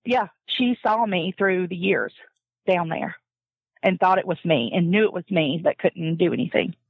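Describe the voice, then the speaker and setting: A woman telling a personal family story in a casual, animated way, often laughing and acting out what others said. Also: lowish voice, moderate pace, gravelly, husky, dry recording. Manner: animated, laughs often, acts out quoted voices. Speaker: guest telling her adoption story. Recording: dull lo-fi dry recording.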